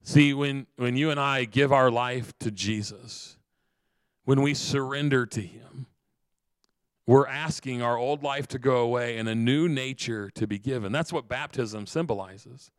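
A man pastor giving an earnest sermon, repeating phrases and slowing down for emphasis. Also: medium pitch, clear, resonant tone, no room sound.

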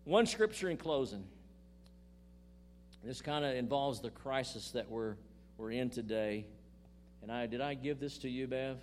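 A man's voice: medium pitch, expressive, measured pace, long pauses, slight background noise. An older man preaching a sermon, reading scripture with emphasis and making folksy asides to his congregation. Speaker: pastor.

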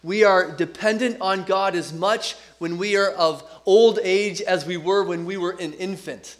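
A man's voice: high-pitched, fairly even intonation, measured pace. A middle-aged man preaching a sermon as pastor, earnest and emphatic, leaning on repetition.

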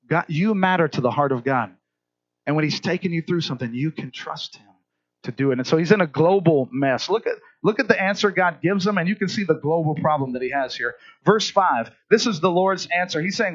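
Male pastor, high voice, animated storyteller, slightly muffled recording. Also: brisk. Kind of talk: sermon.

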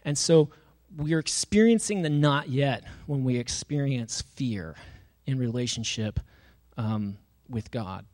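A man's voice: mid-range voice, measured pace, darkish tone. A young adult man preaching a sermon in a casual, conversational way, often using fillers and reading scripture passages aloud. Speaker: pastor.

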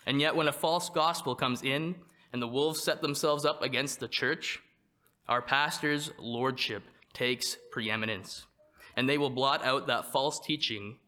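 A man preaching a sermon, reading from a prepared text in a measured way and slowing down to stress quoted verses. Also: medium pitch, pushed and bright. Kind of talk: read sermon.

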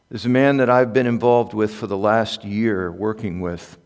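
A man preaching a sermon as pastor, swinging from soft, quiet asides to loud, impassioned peaks. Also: mid-range voice, normal speed, hardly any pauses. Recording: echoey hall with long reverb.

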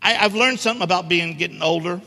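A middle-aged man preaches with a high, sharply bright voice, pressing his points hard and teasing the congregation. The sound rings with long church hall reverb. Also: fast talker, gravelly. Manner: emphatic, joking with the congregation. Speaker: guest preacher. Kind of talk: sermon. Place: church sanctuary.

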